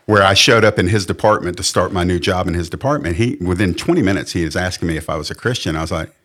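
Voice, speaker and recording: A man's voice: low-pitched, fast talker, fairly bright tone. A middle-aged man with a Southern American accent, a pastor telling his personal testimony in an earnest, candid, plainspoken way. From Southern United States. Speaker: pastor and podcast guest.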